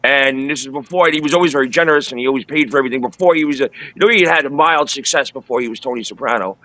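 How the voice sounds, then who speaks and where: A man's voice: medium pitch, rapid-fire, bright, forceful tone, no echo, poor audio. A man telling stories as a guest in a casual interview, blunt and crude in a laid-back way. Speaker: guest, former radio worker and film-set stand-in.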